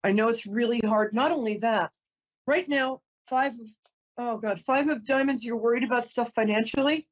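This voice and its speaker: A woman's voice: fairly high pitch, normal speed, dull audio. A woman psychic host doing a reading for a caller, chatty, emotional and apologetic, often close to tears.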